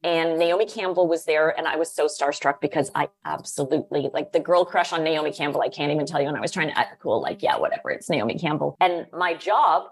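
A middle-aged woman telling lively anecdotes in a casual interview, using "like" a lot and laughing often. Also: low-pitched, fairly quick, hardly any pauses. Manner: animated, lots of "like", laughs often. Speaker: guest, former magazine editor.

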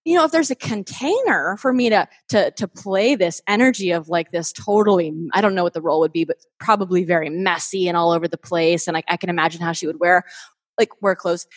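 Speaking fairly quickly in a fairly low, slightly rough voice, a woman guests on a podcast, though she hosts one of her own as well. She's talkative and enthusiastic, leaning heavily on filler words in this relaxed conversation. The sound is clean studio audio with no echo.

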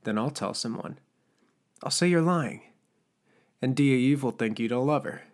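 In this audiobook character voice, a male narrator plays a scarred, disgraced cook who sounds gravelly and creaky at an ordinary man's mid-range pitch. His tone is sly and needling as he coaxes and pressures, at a moderate pace in a natural voice.

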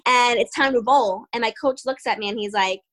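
A young woman with a bright, forceful voice pitched a little high tells a story as an interview guest. She is animated, laughs often and acts out the lines of people in her story. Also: fairly quick, low-quality recording. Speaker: guest fighter.

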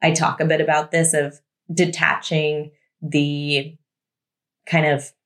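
A woman's voice: low-pitched, little pitch movement, takes it slowly, fairly bright tone. A young adult woman in a casual advice vlog, chatty, repeating words for emphasis with a few fillers. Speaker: YouTuber giving advice.

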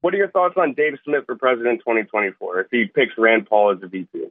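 A man calling in to a talk show and eagerly pitching a sketch idea. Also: big pitch swings, quick pace, no echo. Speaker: caller. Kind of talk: phone call-in. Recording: tinny phone line.

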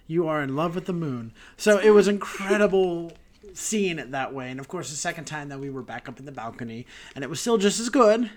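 A man's voice: a little high, lively intonation, fairly quick. A man co-hosting a podcast, chatting casually and gushing with enthusiasm. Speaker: podcast co-host.

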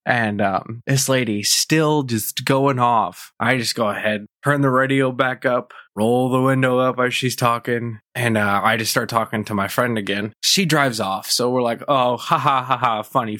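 A young man rants on his podcast in a blunt, animated voice full of swearing. His pitch sits in the middle of the range. The sound is dry and close, with no room echo. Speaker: podcast host. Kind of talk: casual storytelling rant.

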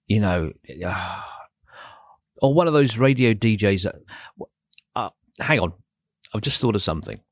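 A man's voice: on the low side, animated, takes it slowly, long pauses, dry recording, studio quality. Subdued self-mocking late-night DJ man. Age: 40s. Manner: self-deprecating, rambling, subdued. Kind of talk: laid-back radio presenting. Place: radio studio. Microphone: studio microphone.

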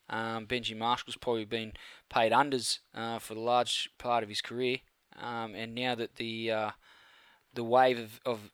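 A mid-pitched man with a bright, forceful voice. He plays up mock outrage to tease his co-host on a podcast. The recording is dry and close. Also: no room sound. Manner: mock-indignant, theatrical teasing. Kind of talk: casual sports chat.

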